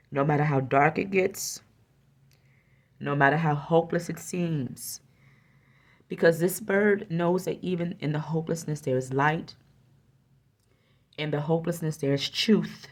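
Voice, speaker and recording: Low-voiced woman giving an earnest card reading. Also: a little slow, pauses often. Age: adult with a young son. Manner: earnest, encouraging, repeats phrases. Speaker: oracle card reader.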